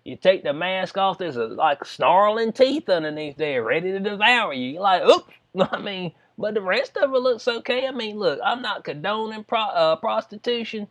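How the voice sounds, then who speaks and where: A man talks in a casual, joking vlog style. His voice sits a bit high for a man. He reads lines from a news story, then breaks off to riff and laugh about it. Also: lively intonation, normal speed, few pauses, fairly bright tone. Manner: reads news aloud, then jokes and riffs with frequent laughs. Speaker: commentary vlogger.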